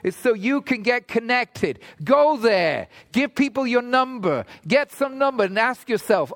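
Guy preaching slow and easy, lots of "right?" and questions to the crowd, very high voice, dry sound. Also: big pitch swings, a bit bright, no room sound. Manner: conversational preaching, frequent "right?" asides, rhetorical questions. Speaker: pastor. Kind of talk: sermon. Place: church hall in Toronto.

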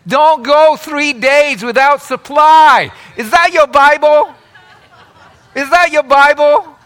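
A man's voice: extremely high pitch, slow, fairly bright tone. A man preaching a sermon in a chatty way, asking the congregation questions and laughing often. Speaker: pastor.

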